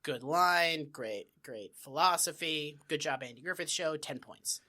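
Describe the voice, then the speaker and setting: A man co-hosting a casual comedy podcast, riffing excitably and swearing freely. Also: fairly high pitch, unhurried. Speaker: podcast co-host.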